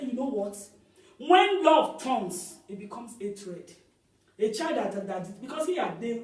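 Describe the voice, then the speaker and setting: A middle-aged woman pastor, preaching a sermon in an animated storytelling way that rises at times into shouts. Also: fairly high pitch. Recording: echoey hall, voice from far off.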